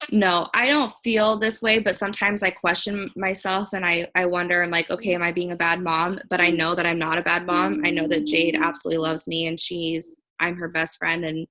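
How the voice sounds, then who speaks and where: A woman's voice: lowish voice, a bit bright, rough recording. A young woman on a video call, chatting earnestly and casually with lots of fillers, encouraging her team. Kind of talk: casual motivational chat.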